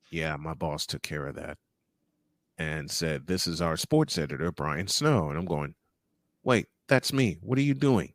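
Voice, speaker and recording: A male podcast host telling an animated personal story with frequent laughs and quoted inner thoughts. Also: medium pitch, moderate pace, dry recording, studio quality. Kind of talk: casual interview chat.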